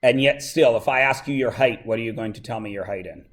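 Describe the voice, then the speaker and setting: A male teacher from Canada speaks in an ordinary, mid-pitched voice. He keeps a high school class engaged with quick questions and light teasing. He is recorded in a classroom. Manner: chatty and joking with the students, asks lots of questions. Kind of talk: classroom lesson.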